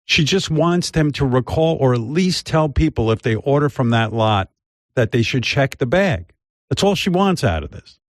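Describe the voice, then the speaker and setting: There's no room sound as an older radio host, with a mid-range voice at a moderate pace, chats casually on a studio mic. He animatedly rambles through a long tale and imitates the voices of people he quotes.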